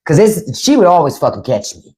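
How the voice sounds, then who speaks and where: On her live stream, a middle-aged podcast host spins casual, profane stories and performs the quotes with animation. Her voice sits low, and she speaks fairly quickly.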